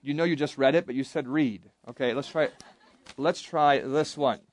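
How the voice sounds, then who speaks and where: Man, camp Bible teacher, interactive lesson, asks the group questions, slightly high voice. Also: moderate pace. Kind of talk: classroom Bible lesson to young campers.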